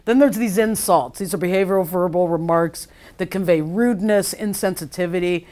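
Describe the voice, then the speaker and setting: Chatty woman lecturing, slightly low voice. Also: fairly quick, mellow. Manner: casual, chatty, full of "like" and acted-out quotes. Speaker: keynote speaker; psychologist. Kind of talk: conference keynote lecture.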